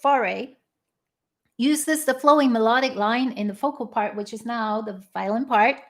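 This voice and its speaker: A woman violinist speaking casually from her living room between pieces of a live-stream concert, unhurried and full of ums and uhs. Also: fairly high pitch, a bit bright.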